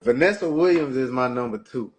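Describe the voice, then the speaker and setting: A man's voice: mid-range voice, animated, brisk. A man co-hosting a podcast, talking in a laid-back, slangy way and often repeating himself. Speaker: podcast co-host. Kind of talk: casual chat.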